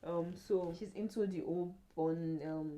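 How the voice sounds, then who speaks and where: A woman's voice: fairly low pitch, fairly even intonation, measured pace, mellow, low-quality recording. A young adult woman vlogging in casual chat, rambling with many fillers and restarts.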